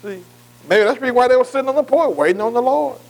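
Older preacher guy, high voice, folksy, keeps asking the church if they remember. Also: animated, fast talker, vocal fry, rough recording. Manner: folksy, calls for congregation response. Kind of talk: sermon.

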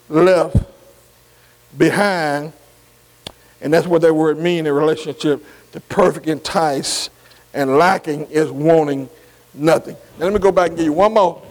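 Male Bible teacher, high voice, long echo behind him; drops "see" between phrases, spells out Greek words, keeps checking in with the class. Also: darkish tone. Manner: keeps asking the class to follow along.

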